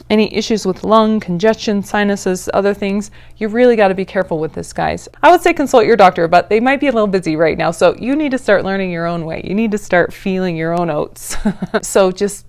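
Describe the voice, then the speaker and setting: A woman teaching a yoga breathing practice in a casual, encouraging way, with playful asides and breathy demonstration sighs. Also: mid-range voice. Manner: breathy sighs and drawn-out ahs while demonstrating. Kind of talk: guided yoga class instruction.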